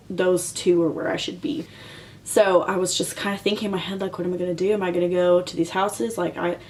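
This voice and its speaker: A woman's voice: lowish voice, slight background noise. A young woman telling a personal story to camera in a chatty way, full of fillers and emotional retelling. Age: young adult. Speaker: vlogger.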